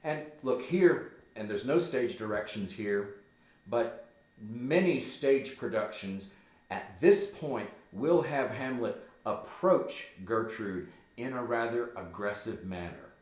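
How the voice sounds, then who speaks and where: A man walks through a play line by line, stopping for casual, explanatory side notes. He talks at an unhurried pace with lively ups and downs in pitch. The room around him is echoey. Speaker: teacher. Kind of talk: reading a play aloud with commentary.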